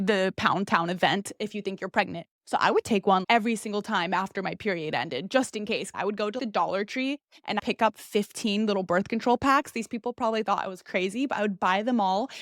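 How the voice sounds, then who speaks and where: A woman's voice: mid-range voice, no echo, clean studio sound. A young woman hosting a podcast, talking in a candid, chatty monologue full of "like". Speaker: podcast host.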